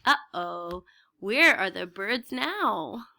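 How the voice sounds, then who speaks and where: A woman teacher leading a guided reading for young children, animated and prompting them to respond. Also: mid-range voice, very slow, vocal fry.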